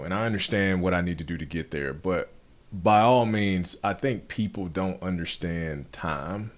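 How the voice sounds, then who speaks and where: Deep-voiced reflective male host. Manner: thoughtful, measured, often asks "right?". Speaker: podcast host. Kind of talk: reflective interview talk.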